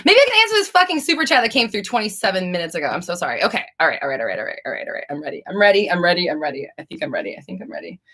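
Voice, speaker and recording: Young woman on a livestream, lowish voice, rambly and swears a lot, super casual. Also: big pitch swings, racing, hardly any pauses, sharp tone. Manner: rambling, profane, chatty with restarts. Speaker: livestream host. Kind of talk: casual live Q&A chat.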